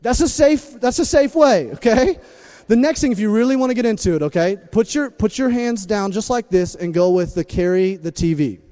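A pastor with a high voice preaches a lively, humorous sermon at a fairly quick pace. Energetic and jokey, he swings from loud calls to hushed asides.

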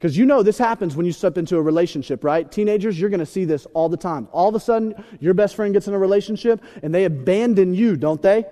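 Lively high-voiced preacher in a hall. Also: male voice, fast talker, few pauses. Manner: animated, joking, acts out voices. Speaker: pastor. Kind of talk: sermon. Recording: reverberant hall.

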